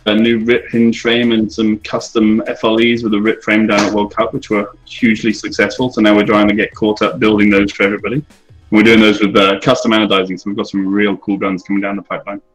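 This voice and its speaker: A British man, a guest on a podcast, talking about his new products in a relaxed, matter-of-fact way. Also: on the low side, fairly quick, soft background music, poor audio. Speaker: podcast guest, gear maker. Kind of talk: casual interview chat.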